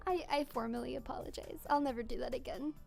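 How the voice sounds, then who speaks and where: A woman's voice: high voice, gravelly, darkish tone. A young woman streamer chatting casually while drawing, giggly and full of fillers. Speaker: streamer and virtual idol voice actor.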